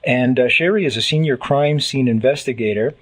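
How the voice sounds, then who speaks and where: A Canadian man hosting a talk radio interview. He keeps the guest going with steady affirmations and an engaged, encouraging manner, in a voice of middling pitch. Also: fairly quick, poor audio. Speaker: radio show host.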